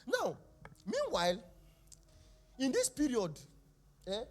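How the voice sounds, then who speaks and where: A man's voice: very high-pitched, wildly swooping pitch, takes it slowly. A young man preaching a sermon at a church service, telling the story with laughs and exclamations. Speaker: pastor.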